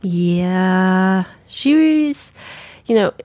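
A woman co-hosting a podcast, talking in a relaxed, teasing way with some hesitation while reviewing a series. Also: mid-range voice, extremely slow, no echo. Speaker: podcast co-host. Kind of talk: casual review chat.

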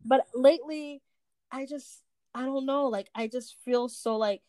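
Higher-voiced young woman, hesitant. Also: steady tone, unhurried, dark tone. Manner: searching, hesitant, full of restarts. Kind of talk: casual chat.

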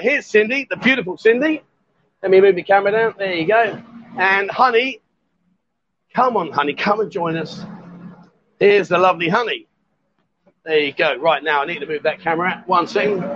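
High-voiced man, jovial bar host. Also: normal speed, long pauses, a bit bright, slight background noise. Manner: jovial, teasing banter. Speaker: live stream host in a bar. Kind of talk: live stream chat. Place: bar, indoors. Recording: dull lo-fi stream audio.

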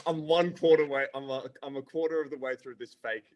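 A man's voice: a little high, steady tone, brisk, lo-fi sound. A man, a comedian guest, chatting over a video call with joking, self-mocking humor. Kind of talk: casual chat.

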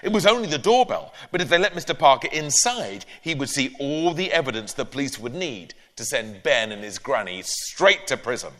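A man tells a story with a bright, forceful tone and a lively, swooping voice, reading his own book aloud with playful expression. His voice rings in a hall with a long echo. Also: mid-range voice, normal speed, few pauses. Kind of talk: storybook reading, then interview answers. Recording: echoey live hall.

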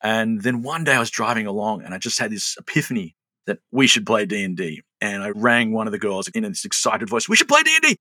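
An Australian man in his late forties telling stories in a relaxed, self-mocking way as a guest. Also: on the low side, a little fast, few pauses, no room sound. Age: 40s. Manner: chatty, self-mocking storyteller. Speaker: guest, show creator. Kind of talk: casual interview chat.

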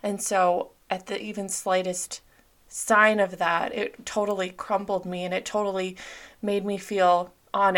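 A woman's voice: mid-range voice, a bit bright. A young woman hosting a solo podcast, talking openly and reflectively in a casual way, with lots of "like" fillers. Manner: open, reflective, frequent "like" fillers. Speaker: podcast host.

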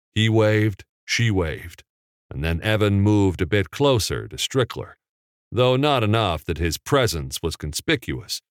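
A man narrating a novel in a measured, unhurried storytelling manner. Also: low voice, dry recording, studio quality. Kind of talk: audiobook narration.

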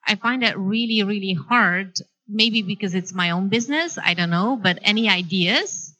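A woman's voice: mid-range voice, normal speed, pushed and bright, rough recording. A woman on a live panel, talking reflectively and hesitantly, searching for words.

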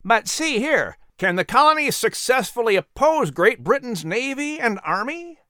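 A man putting on a nervous colonial gentleman in an audio drama, his voice pushed high and anxious. The tone is fretful and pleading, recorded dry and close. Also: sing-song, moderate pace, dry recording, full character voice. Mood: worried. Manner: worried, pleading.

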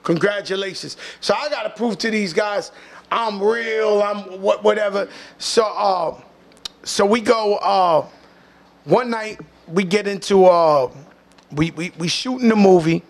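A man with a New York accent tells a story as a talk-show guest. His voice sits high for a man and has a gravelly rasp. His delivery is animated and slangy, with loose profanity. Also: a little slow. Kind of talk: casual storytelling.

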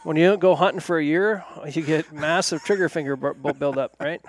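A man speaking as a guest in a casual talk show, matter-of-fact and relaxed. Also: on the high side, a little fast, no echo. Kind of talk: casual chat.

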